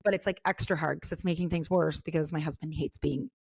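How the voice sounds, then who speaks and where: A middle-aged woman co-hosting a casual faith podcast, talking in a chatty, animated way with lots of fillers. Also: deep voice, fast talker, creaky, husky, no room sound, studio quality. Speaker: podcast co-host.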